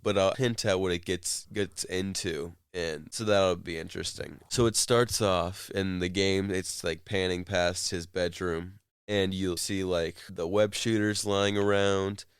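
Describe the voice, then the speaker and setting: A man's voice: low voice, fairly even intonation, measured pace, hardly any pauses, smooth, dry recording, studio quality. A man co-hosting a casual chat show, rambling through a story with fillers. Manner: rambling retelling with fillers and laughs. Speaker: co-host.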